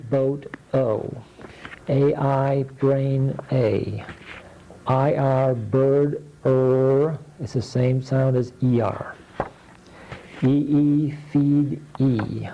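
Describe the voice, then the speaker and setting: A man teaching phonics, slowly sounding out letters, keywords and blends and patiently explaining how to shape each sound. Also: medium pitch, creaky, highs cut off. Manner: patient, deliberate, explains mouth positions. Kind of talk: slow instructional drill of letter sounds. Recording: faint background noise.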